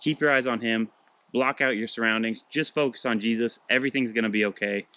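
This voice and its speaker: A man's voice: medium pitch, fairly quick, no room sound. Man giving a casual devotional, dry sound. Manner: relaxed, conversational, frequent restarts and fillers. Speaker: devotional host.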